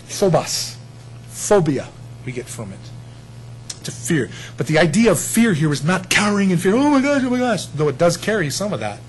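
Animated man preaching a sermon. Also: on the high side, moderate pace, a little hiss or hum, poor audio. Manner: animated, conversational, with acted quotes.

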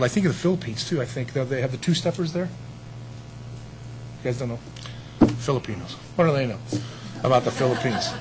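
A man preaching a sermon in a conversational way, with audience asides, swinging between quiet remarks and loud emphasis. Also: a little high, slight background noise, rough recording. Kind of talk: sermon teaching.

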